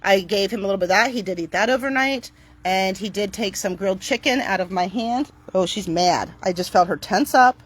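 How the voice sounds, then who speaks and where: A middle-aged woman talking casually to camera outdoors on her property, chatty and upbeat, switching to a bright cheery voice when she greets her dogs. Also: medium pitch, brisk, breathy edge. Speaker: dog owner vlogger.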